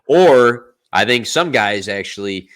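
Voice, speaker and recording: A man's voice: mid-range voice, expressive, slow, a bit bright. A man on a casual podcast, telling stories in a rambling way and acting out the dialogue. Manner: rambling storyteller who acts out dialogue. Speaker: podcast host.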